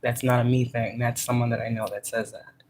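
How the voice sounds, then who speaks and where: A rumbling low, darkish voice moves fairly quickly with little change in pitch. The speaker, a spiritual teacher and workplace manager, gives a casual, emphatic pep talk laced with profanity and dramatized quotations.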